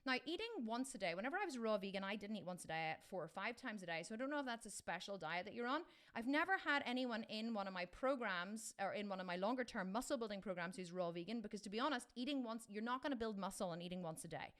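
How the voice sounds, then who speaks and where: A woman's voice: medium pitch, animated, fast talker, few pauses, fairly bright tone. A middle-aged woman coaching fitness in a casual live Q&A, chatty and enthusiastic, with many restarts.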